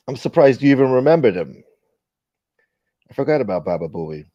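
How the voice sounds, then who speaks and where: A man's voice: mid-range voice, big pitch swings, a little slow, gravelly, warm tone, no room sound, highs cut off. A man hosting a casual livestream, reading viewer comments aloud and telling stories in a profane, rambling way. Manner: profane, rambling, reads chat aloud, acts out quoted friends. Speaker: livestream host.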